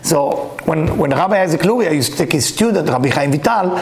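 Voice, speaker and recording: A man teaching a Kabbalah class, reading Hebrew texts aloud and explaining them with lively stories. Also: fairly high pitch, a little fast. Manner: animated, reads Hebrew text aloud and explains it. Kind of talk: lecture with storytelling. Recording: echoey room.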